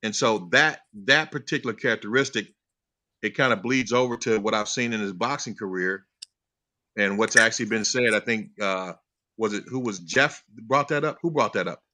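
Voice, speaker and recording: Emphatic bright-voiced man. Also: lowish voice, normal speed. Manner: emphatic, rising to passionate insistence. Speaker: panelist. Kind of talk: barbershop debate.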